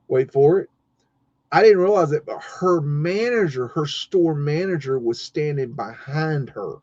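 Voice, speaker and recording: A middle-aged man telling a story on a live-stream podcast in a casual, profane, animated way, acting out the other people in it. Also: a little high, a little slow, no room sound. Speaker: podcast co-host. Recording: dull lo-fi stream audio.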